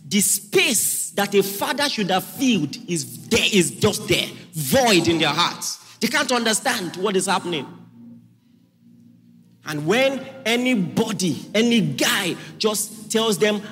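Male pastor, high voice, forceful repetitive preaching, church hall reverb with soft music. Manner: forceful preaching, repeats lines, asks audience if listening. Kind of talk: sermon.

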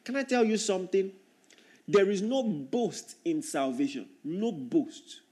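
Guy from africa preaching, pretty high voice, hammers the same phrase over and over. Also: sing-song, moderate pace, a little mellow. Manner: emphatic, repeats key phrases for stress. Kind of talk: sermon.

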